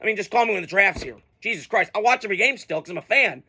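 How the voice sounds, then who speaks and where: A man with a high, bright, cutting voice gives a fired-up football reaction. He talks bluntly and swears freely, venting about his team and the coaches like a frustrated fan. The delivery is loose and unscripted. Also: lively intonation, very fast, husky. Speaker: sports fan vlogger. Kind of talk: profane sports reaction rant.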